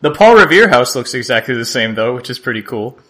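A man co-hosting a podcast, chatting casually in a rambling, halting way and laughing often. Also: medium pitch, very animated, pushed and bright. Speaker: podcast co-host. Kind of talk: casual chat.

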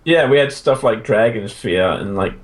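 A man's voice: on the low side, animated, moderate pace. A man chatting casually about old video games, enthusiastic and rambling, full of fillers and restarts.

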